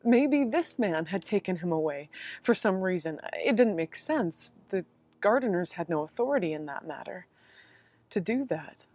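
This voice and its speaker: A woman's voice: on the low side, animated, moderate pace, a little mellow. A woman playing a grieving female follower, telling her story in an intense, emotional first-person monologue. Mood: sorrowful. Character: grieving woman follower, searching and then overjoyed.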